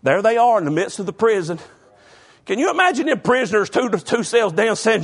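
A male pastor preaching a sermon, swinging from low, quiet talk to loud shouting and often saying "bless God.". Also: very animated, brisk, husky. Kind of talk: fiery Southern-style sermon.

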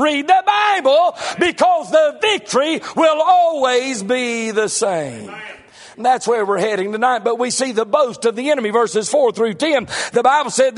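A middle-aged male preacher giving a sermon in a folksy way, swinging between shouted lines and low, quiet asides.

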